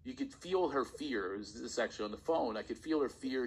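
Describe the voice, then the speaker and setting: Man, husky voice, comedian guest, animated storytelling, laughs mid-sentence. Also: medium pitch, fairly quick, poor audio. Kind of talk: casual podcast storytelling.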